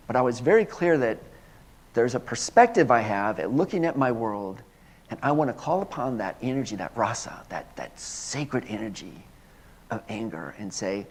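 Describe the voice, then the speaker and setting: A male minister delivers a sermon in a mid-pitched voice, earnest and searching, often circling back on his words. In prayer he slows down and drops to a soft, hushed delivery. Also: very animated, breathy edge. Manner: earnest, repeats words and restarts. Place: church sanctuary.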